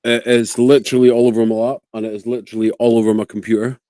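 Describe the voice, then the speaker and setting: A man's voice: medium pitch, flat delivery, quick pace, mellow, no room sound. A man hosting a live online show, swearing freely and bantering with his guest. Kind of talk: casual live-stream chat.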